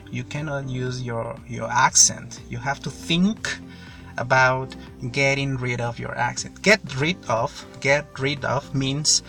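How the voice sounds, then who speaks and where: A man from Mexico, a native Spanish speaker, talks through a casual English lesson with a bright, gravelly, fried voice. He rambles and repeats himself, pausing to explain words, while faint music plays behind. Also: mid-range voice. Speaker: English learning podcaster. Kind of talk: casual spoken monologue lesson.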